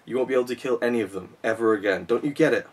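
A man's voice: mid-range voice, rapid-fire, recorded from a distance, lightly acted. A man reading a novel aloud, voicing a defiant young wizard hero who stands up to his enemy. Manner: defiant, insistent.

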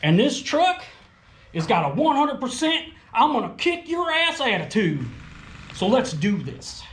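Man, high voice, lively pitch, rambling folksy storyteller, crude humor, echoey room. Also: a little slow. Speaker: RC hobby video host. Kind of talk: comedic rural character monologue.

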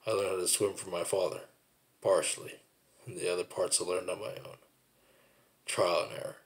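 A man with a very low, gravelly voice talks through his own memories. He rambles and circles back on his words, reflective and repetitive, as in a personal monologue. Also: flat delivery, normal speed.

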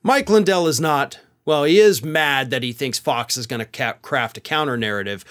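A man's voice: medium pitch, moderate pace, a bit bright. A man hosting a political commentary monologue, speaking in a sarcastic, opinionated way. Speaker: host.

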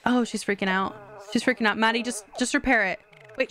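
A woman's voice: fairly high pitch, brisk. A young woman live-streaming a video game, chatting and giggling as she reacts to what happens on screen. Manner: excited squeals at wins.

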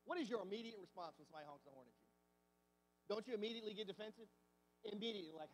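A man's voice: high-pitched, lively intonation, very fast, pauses often, in a large hall. A man preaching a sermon as pastor, talking conversationally and asking the congregation many rhetorical questions. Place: church sanctuary.

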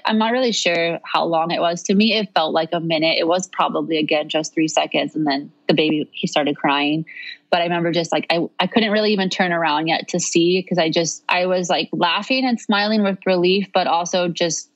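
Low-voiced woman telling her story. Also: steady tone, a little fast, lo-fi sound. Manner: earnest, rambling storytelling with frequent "like". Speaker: podcast guest. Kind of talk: personal birth story told in conversation.

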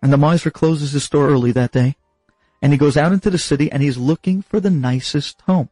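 A man telling a moral story with dramatic, expressive pauses. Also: a little high, no echo, faint music behind, rough recording. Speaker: rabbi storyteller. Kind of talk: animated storytelling.

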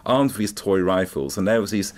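A man's voice: lowish voice, brisk. A man speaking as a music expert guest in a radio interview, telling stories with frequent ums and hesitations. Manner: hesitant, many ums, animated storytelling.

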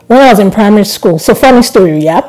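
A young woman vlogger chatting casually to camera, telling stories with animated laughs. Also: mid-range voice, fast, low-quality recording. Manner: animated storytelling, laughs often.

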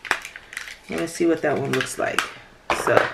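A woman's voice: low-pitched, measured pace, creaky, heavy background noise. A woman talking casually through a makeup tutorial in a chatty vlog, sometimes dropping to a whisper. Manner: chatty, drops to whispers at times. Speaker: beauty vlogger.

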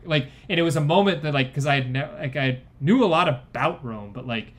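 A man's voice: medium pitch, lively intonation, normal speed, hardly any pauses. A young man co-hosting a podcast, chatting casually and enthusiastically, full of "like" and restarts. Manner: enthusiastic, rambling with many likes. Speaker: podcast co-host. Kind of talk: casual chat.

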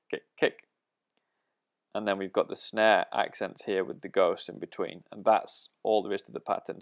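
Deep-voiced man explaining drum patterns. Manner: methodical, counting beats aloud. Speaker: drum teacher.

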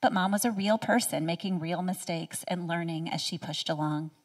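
A woman in her thirties giving a prepared personal speech as a featured speaker at a live event, earnest and heartfelt, sometimes dropping to a soft near-whisper. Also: fairly low pitch, normal speed, far from the mic. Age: 30s. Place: event stage.

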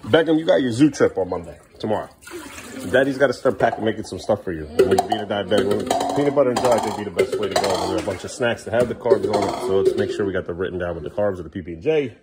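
A man's voice: fairly low pitch, animated, rapid-fire, very noisy. A father vlogging at home in his kitchen, talking casually and playfully to his young sons, often slipping into sing-song baby talk. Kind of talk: casual home vlog chat with his children.

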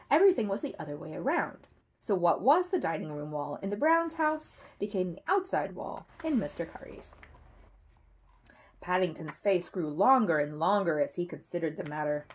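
A woman reading a children's book aloud, with expressive storyteller delivery. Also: on the low side, husky. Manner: expressive, animated.

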